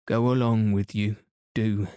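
A man's voice: lowish voice, flat delivery, unhurried, warm tone, no echo, studio quality, close to an everyday voice. A man voicing a sulky, whiskered sand-fairy creature that scolds and grumbles as it speaks in a storybook reading. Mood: cross.

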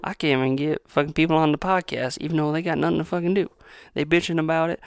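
A man's voice: a little high, fairly even intonation, fast, clear, resonant tone. A man in his twenties ranting on his own podcast, rambling, sarcastic and full of profanity. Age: 20s. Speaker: podcast host. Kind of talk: profane solo podcast rant.

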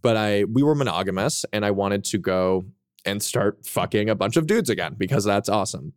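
A man on a podcast as a guest author, telling his story in a frank, casual way, with quick self-mocking asides and plenty of swearing. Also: on the low side, lively intonation, no echo, clean studio sound.

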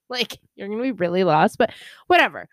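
A woman's voice: medium pitch, moderate pace, dry recording, studio quality. A woman co-hosting a podcast, telling stories in casual chat, acting out what people said and laughing often. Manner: animated storyteller, acts out quotes, laughs often. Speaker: podcast co-host.

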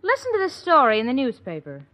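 A woman's voice: high voice, wildly swooping pitch, fast talker, very noisy. An actress playing a patient, level-headed young woman in a 1940s radio sitcom. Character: sensible young woman roommate. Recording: dull old radio recording.

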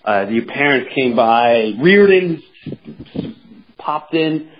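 A man hosting a podcast in casual chat, telling stories in an animated, rambling way with many restarts. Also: mid-range voice, takes it slowly. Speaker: podcast host. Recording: dull lo-fi sound with faint noise.

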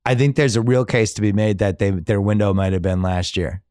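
A man hosting a casual sports podcast, animated and quizzing his guests. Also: a little fast, smooth, dry recording, studio quality. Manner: animated, quizzing guests, lists names with rising pitch. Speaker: podcast host.

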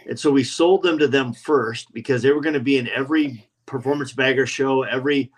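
A man guesting on a podcast, spinning stories in easy conversation. His voice sits at a middling pitch, and he slips into the voices of the people he quotes. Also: fairly quick, rough recording. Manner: animated anecdotes, acts out quoted voices. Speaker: guest, custom motorcycle builder. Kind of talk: casual podcast storytelling.

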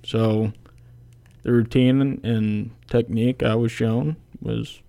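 A man's voice: mid-range voice, steady tone, takes it slowly, gravelly, dark tone. A young man in his twenties, a college kicker guest, talking plainly and casually in an interview with lots of fillers. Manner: laid-back, plainspoken, many fillers.

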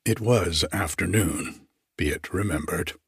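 Husky low-voiced guy reading an old story, slow and formal, dry close sound. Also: expressive, dry recording. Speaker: narrator. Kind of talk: audiobook reading of classic fiction.

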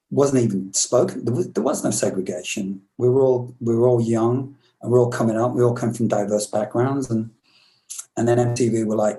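A man's voice: lowish voice, mellow, low-quality recording. A man from Britain in his fifties, a musician guest telling long reflective stories in an interview, rambling with many restarts. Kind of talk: storytelling interview.

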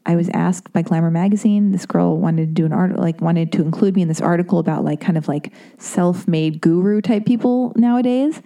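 A woman hosting a podcast, rambling in a chatty, self-deprecating way and acting out quotes in a squeaky voice. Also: a little fast, few pauses, mellow, dull audio. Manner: acts out quotes in a high squeaky voice. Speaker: podcast host. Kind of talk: casual monologue.

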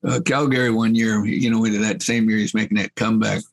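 An older man telling folksy, rambling anecdotes as a guest. He laughs at his own tales and fills pauses with fillers. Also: fairly low pitch, level tone, creaky, husky, poor audio.

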